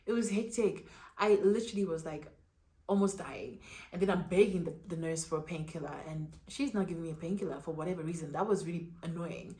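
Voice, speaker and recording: A young woman vlogger telling a personal story in a lively, dramatic way with casual slang. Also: fairly low pitch, brisk. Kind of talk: storytime vlog.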